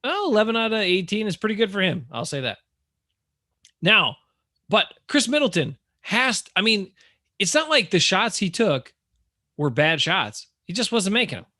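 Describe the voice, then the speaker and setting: A man co-hosting a casual sports podcast, ranting in an animated, exasperated way. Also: high voice, normal speed, no echo, clean studio sound. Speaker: podcast co-host.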